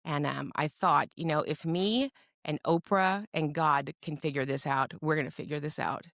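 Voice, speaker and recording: A woman's voice: deep voice, normal speed, gravelly, dry recording. Middle-aged lady guest telling her story, jokey, does the voices, dry close sound. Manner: lively storyteller who acts out quoted voices with humor. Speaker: guest, special education advocate. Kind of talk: personal storytelling in a podcast interview.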